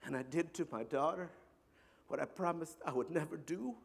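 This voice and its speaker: A middle-aged man telling a personal story to an audience in an earnest, halting way, often repeating words. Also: a little high, creaky, slightly rough. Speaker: speaker. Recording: long hall reverb.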